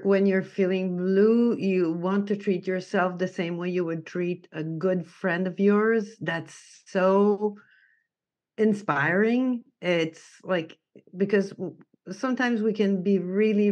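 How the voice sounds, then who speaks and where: A woman's voice: medium pitch, steady tone, takes it slowly, darkish tone. French-accented woman hosting a podcast. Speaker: podcast host. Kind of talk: podcast interview and sign-off.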